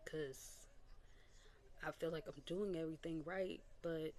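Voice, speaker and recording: A young woman vlogger with a low voice and measured pace shares a candid personal testimony in a casual vlog. She tells it animatedly, imitating people's words and adding little laughs.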